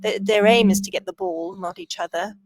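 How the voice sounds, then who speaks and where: A woman hosting a podcast interview, chatting casually and explaining with quick asides. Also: medium pitch, steady tone, low-quality recording. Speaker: podcast host.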